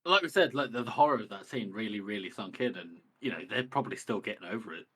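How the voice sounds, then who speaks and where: A man with a low, husky voice co-hosting a book podcast. His delivery is bright and forceful, yet he talks hesitantly and leans on fillers. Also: expressive, quick pace. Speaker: podcast co-host. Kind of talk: casual book discussion.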